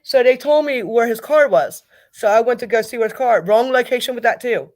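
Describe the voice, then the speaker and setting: A middle-aged woman speaking as a grieving mother in an interview, talking in a halting way and repeating herself. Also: a little high, darkish tone. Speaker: guest, mother of a victim. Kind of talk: emotional interview over a call.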